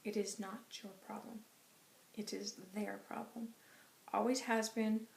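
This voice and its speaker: A woman voicing a tall, solemn male spirit guide, speaking in slow, emphatic pronouncements. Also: medium pitch, flat delivery, vocal fry, darkish tone, echoey room, slight background noise. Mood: reassuring.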